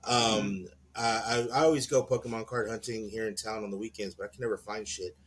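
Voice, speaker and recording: A man co-hosting a podcast in casual chat, an animated storyteller who laughs often and acts out the people in his stories. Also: on the low side, a little fast, husky. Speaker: podcast co-host.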